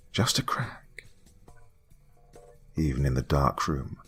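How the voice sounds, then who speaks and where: A man reading a first-person horror story in a hushed voice that drops to whispers. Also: extremely low pitch. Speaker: horror podcast narrator. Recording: faint music under the voice.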